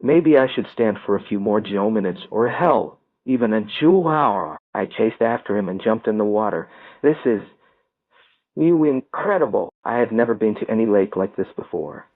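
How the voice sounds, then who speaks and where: A man reading a first-person story aloud as an audiobook narrator, telling it in a steady storytelling manner. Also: lowish voice, normal speed, hardly any pauses, no room sound. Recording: tinny phone-like dry sound.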